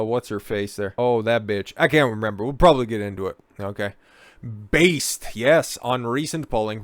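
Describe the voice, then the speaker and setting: A man giving political commentary, reading poll articles aloud and breaking into profane, sarcastic rants with sudden loud outbursts. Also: mid-range voice, dry recording.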